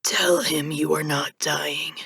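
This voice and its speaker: A woman's voice: low voice, vocal fry, husky, dry recording, full character voice. A woman doing an ancient whispering reaper. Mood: cold, insistent. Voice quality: strained, dry, cracked whisper. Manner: monotone, slow and deliberate. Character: ancient male reaper turning human, cold. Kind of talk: audiobook narration.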